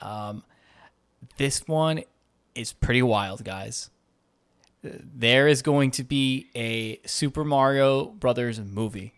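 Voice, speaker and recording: A man's voice: medium pitch, slow pace, smooth, dry recording, clean studio sound. Upbeat chatty man co-hosting a podcast. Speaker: podcast co-host. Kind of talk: casual gaming news chat.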